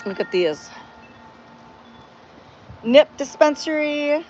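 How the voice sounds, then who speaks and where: A woman's voice: sits high, takes it slowly, long pauses, a little mellow, faint music behind. Female sanctuary host on a live stream, rambling and heartfelt, greets viewers, lo-fi audio. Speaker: cat sanctuary owner hosting a livestream. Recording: dull lo-fi sound with faint background noise.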